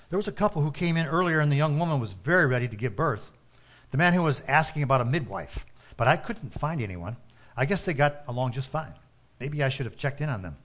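A man's voice: medium pitch, pitched above the performer's own voice, lightly acted. A man voicing a helpful, chatty male innkeeper in a spoken story, rambling through his explanation.

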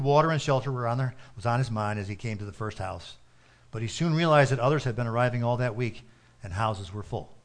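Brief: male narrator, mid-pitched, steady and earnest story reading.

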